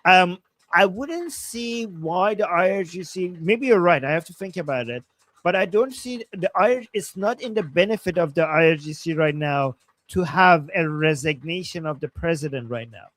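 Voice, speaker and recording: A man's voice: high-pitched, lively intonation, moderate pace, fairly bright tone, no echo. A man co-hosting a live political stream, weighing ideas carefully and reading viewer messages aloud. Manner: thoughtful, hedging, reads messages aloud. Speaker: co-host reading viewer super chats.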